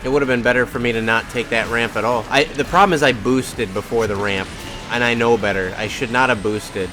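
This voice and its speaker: A man's voice: medium pitch, brisk, over music. A man casually commenting on his own racing game during a live stream, chatting to his cat and to himself. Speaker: gaming streamer.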